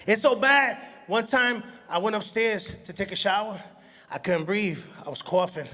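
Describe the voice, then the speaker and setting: A stand-up comedian, telling animated stories and laughing at his own jokes. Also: high-pitched, normal speed. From Brooklyn, New York. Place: comedy stage in a hall. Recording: long hall reverb from a live venue.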